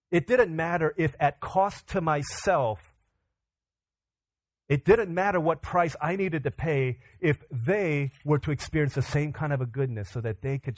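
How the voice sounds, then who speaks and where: A young adult male pastor telling a personal story in a sermon, acting out quotes with lively energy. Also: a little high, dry recording. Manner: animated storyteller, acts out quotes.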